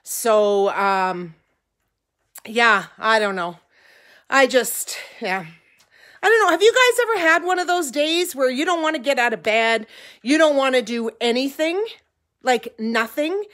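A woman's voice: sits high, expressive, unhurried, a bit bright. A middle-aged woman talking casually to her vlog viewers from her kitchen, rambling and a little teary. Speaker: vlogger, ranch owner. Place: home kitchen.

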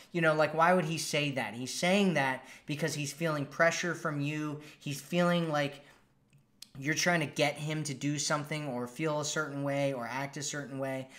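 A man's voice: a little high, steady tone, moderate pace, a bit bright. A man hosting a live stream as a dating coach, reading out viewer comments in a casual, upbeat, chatty way.

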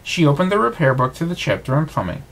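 A man reading a bedtime storybook aloud, with expressive reading. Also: fairly high pitch, fast talker, creaky, breathy edge.

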